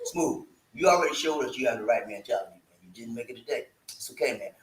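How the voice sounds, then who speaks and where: Animated, playful man hyping his live chat. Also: mid-range voice, fast, echoey room, very noisy. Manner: playful hype, call-and-response, chanting; talkative, slang-heavy. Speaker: livestream host. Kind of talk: casual livestream chat.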